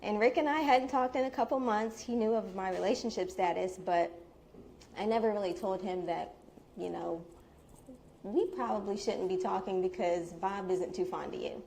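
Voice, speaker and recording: A woman's voice: medium pitch, normal speed, gravelly, a little hiss or hum. A young woman with a Midwestern American accent telling a personal story live to an audience in a bubble tea shop, chatty and candid. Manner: candid, chatty, with soft laughs.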